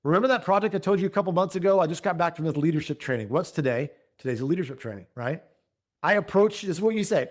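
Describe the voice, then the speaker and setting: Upbeat male trainer, a bit high-pitched, folksy, acts out sales scripts for the room. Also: quick pace. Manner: energetic, folksy, keeps asking "right?". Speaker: speaker at a business training. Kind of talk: coaching talk with role-played scripts.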